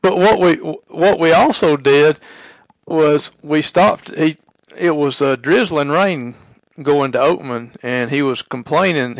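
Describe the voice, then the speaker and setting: A man tells his side of the story at an easy, unhurried pace, stopping to set the details straight. His voice is gravelly with a touch of fry. The recording is close and dry. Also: medium pitch, no echo, rough recording. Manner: unhurried, corrects details before going on. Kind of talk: casual storytelling.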